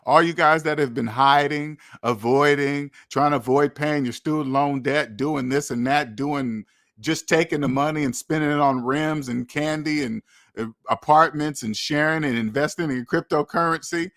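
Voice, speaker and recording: A young man delivers blunt money commentary straight to his audience, scolding and preachy, circling back on the same points. His voice sits a little higher than most men's. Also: moderate pace, a bit bright. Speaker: finance channel host.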